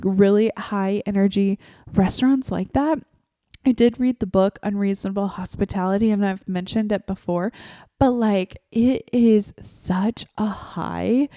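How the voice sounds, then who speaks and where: A chatty woman hosting a solo podcast, her voice mellow and relaxed as she rambles from one thought to the next, full of "like" fillers. The sound is close and dry, spoken straight into a home microphone from her favorite chair. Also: mid-range voice, no echo. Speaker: podcast host. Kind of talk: casual solo podcast chat.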